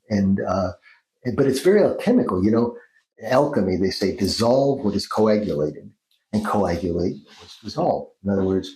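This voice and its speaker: A man's voice: on the low side, sing-song, moderate pace, mellow. A man being interviewed as a dream therapist, talking in a thoughtful, explaining way and sometimes acting out phrases in different tones. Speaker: guest, Jungian dream therapist. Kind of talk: reflective interview talk. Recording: roomy echo.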